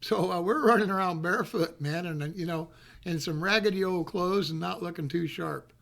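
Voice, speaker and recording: A man's voice: high-pitched, brisk, gravelly, a bit bright. A man telling a rambling, folksy childhood story, often repeating himself. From North Carolina. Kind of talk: casual storytelling.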